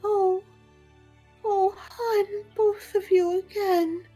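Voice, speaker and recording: A woman voicing a frail, elderly woman who speaks softly and tenderly. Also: very high voice, steady tone, very slow, soft background music, pitched above the performer's own voice, heavily acted. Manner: soft, quavering, affectionate.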